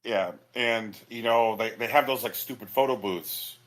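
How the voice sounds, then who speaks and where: A man's voice: lowish voice, moderate pace, fairly bright tone. A man co-hosting a podcast in casual chat, telling stories in a rambling way with many restarts and "um"s. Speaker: podcast co-host.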